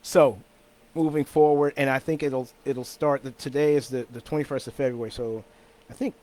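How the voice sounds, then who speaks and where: A man's voice: mid-range voice, steady tone, normal speed, darkish tone. A man hosting his own weekly talk show, chatting casually in an easygoing, rambling way with frequent restarts and repeated words. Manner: chuckles between thoughts. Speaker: host of a weekly talk stream.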